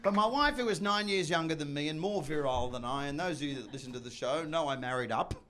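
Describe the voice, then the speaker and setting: Loud, profane high-voiced male comedian. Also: quick pace. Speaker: stand-up comedian. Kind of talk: stand-up comedy set.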